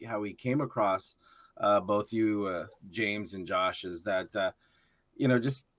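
A man's voice: fairly low pitch, a bit bright, dry recording. Man, podcast co-host, casual storyteller, dry close sound. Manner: storytelling, many fillers. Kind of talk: casual chat.

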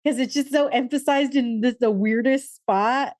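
A woman's voice: high voice, normal speed, a little mellow, no room sound, clean studio sound. A woman hosting a podcast, asking questions in a bubbly, curious way and laughing often. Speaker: podcast host. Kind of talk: casual interview chat.

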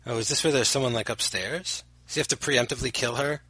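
A man's voice: mid-range voice, fast, sharp tone, slightly rough, no echo, rough recording. A man co-hosting a podcast, chatting about a movie with easy laughs and wry quips. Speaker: podcast co-host. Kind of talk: casual movie commentary chat.

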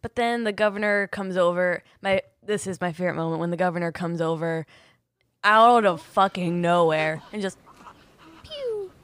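A woman's voice: lowish voice, moderate pace, fairly bright tone, no room sound. A woman chats casually as she reviews a TV episode. She is blunt, laughs easily and swears freely. She acts out scenes with funny sound effects. The room sounds dry and close. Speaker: podcast co-host.

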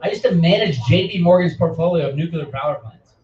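Middle-aged man, fiery ranting channel host, fairly high voice, distant roomy lo-fi sound. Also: quick pace, a little mellow. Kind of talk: impassioned speech.

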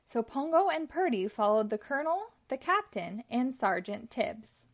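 Expressive woman reading a children's story. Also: fairly high pitch, normal speed. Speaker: storybook reader. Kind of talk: children's read-aloud storytelling.

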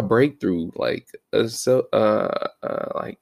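Low, gravelly man rambling casually. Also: moderate pace. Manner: slang-heavy, rambling, self-mocking. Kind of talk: casual monologue.

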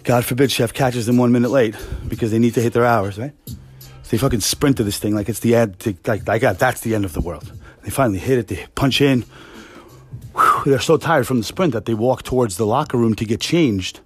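A man hosting a podcast, ranting casually and profanely with exasperated, animated energy and a husky voice. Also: mid-range voice, brisk, faint music behind. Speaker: podcast host. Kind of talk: casual rant monologue.

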